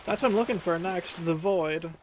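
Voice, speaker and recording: A woman's voice: lowish voice, moderate pace, background noise. A woman streamer chatting casually while playing a game, thinking aloud and correcting herself as she goes.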